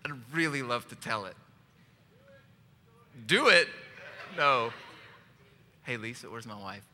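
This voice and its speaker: A male pastor preaches in church with a medium-pitched, sharp voice, speaking slowly with lively intonation. He jokes, tells a personal story and puts questions to the congregation. There's long hall reverb and faint background noise.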